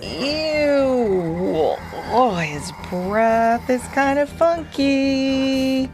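A woman voicing an excitable, stretchy-armed male bunny sidekick who hollers and exclaims. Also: medium pitch, slow, vocal fry, music in the background, full character voice. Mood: hollering.

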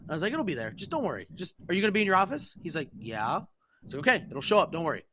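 A man with a fairly high voice talks rapid-fire over a noisy background, spinning a long story for friends on a podcast he co-hosts. He swears freely and animatedly acts out the texts he quotes.

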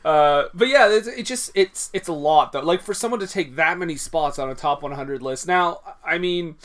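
A man's voice: fairly high pitch, normal speed, a bit bright. A man co-hosting a podcast, chatting loosely about films and restarting his sentences often. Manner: loose, hedging, many "I mean" restarts. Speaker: podcast co-host. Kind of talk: casual movie discussion.

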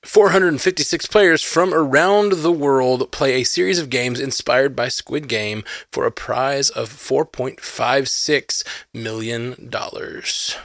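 A man's voice: medium pitch, takes it slowly, few pauses, fairly bright tone, no echo, studio quality. A man hosting an entertainment news show, reading items steadily and then chatting casually with co-hosts. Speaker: news host.

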